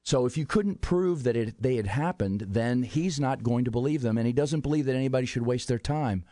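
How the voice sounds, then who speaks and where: A man's voice: mid-range voice, warm tone, no echo. Man explaining history in a dry studio. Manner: explanatory, measured, builds points with rhetorical questions. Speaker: historian guest. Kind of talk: radio talk show discussion. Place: radio studio.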